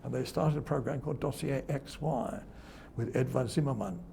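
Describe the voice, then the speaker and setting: An older man, a veteran broadcaster, recalls old stories in an interview, chuckling and mimicking the people he quotes. His voice is strongly gravelly and dark-toned, with faint noise behind him. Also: medium pitch, normal speed. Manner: chuckling storyteller who acts out quoted voices. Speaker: television presenter. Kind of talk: reminiscing interview anecdotes.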